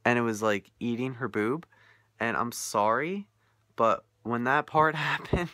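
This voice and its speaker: Young male vlogger, casual rant, exasperated, bright tone, dry close sound. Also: medium pitch, unhurried, no room sound. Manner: incredulous, animated, laughing often. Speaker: vlogger reviewing a film.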